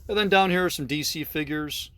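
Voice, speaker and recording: A man's voice: on the high side, fairly quick, fairly bright tone. A middle-aged man casually narrating a tour of his collection in a basement, with frequent fillers and self-corrections. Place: basement room.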